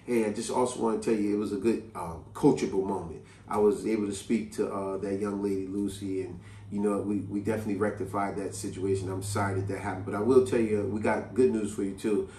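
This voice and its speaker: A man puts on a deep-voiced, polite bank manager who talks gently and calmly. Every word is courteous and soothing. The voice sits well away from the mic, with plenty of room echo. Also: fast, far from the mic, slight background noise, close to an everyday voice. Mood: apologetic. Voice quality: low soft courteous.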